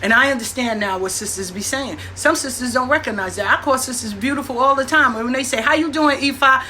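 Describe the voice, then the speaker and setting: A woman tells stories straight to her listeners. She is blunt and profane and acts out what people said. Her voice is bright and set a little high, with a faint hum of room sound behind her. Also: quick pace. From New York. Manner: blunt, profane, animated with acted-out quotes. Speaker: host. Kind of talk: casual storytelling monologue.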